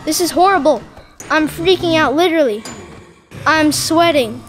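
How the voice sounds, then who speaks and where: A woman giving excitable, dramatic commentary over her Minecraft gameplay, exclaiming and repeating herself. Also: high-pitched, moderate pace, faint music behind. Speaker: gaming channel host.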